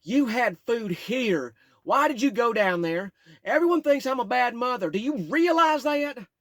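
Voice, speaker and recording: A man voicing a drunk, angry mother who yells and scolds her son. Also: animated, a little slow, no room sound, clean studio sound, exaggerated voice. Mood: drunk scolding. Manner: shrill, yelling, accusing.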